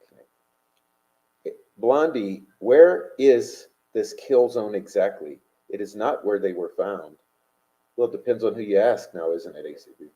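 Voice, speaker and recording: Low, dark-toned and animated yet unhurried, a man hosts a livestream and reads chat and super chats aloud. His combative, meandering talk is full of fillers, over dull lo-fi stream audio.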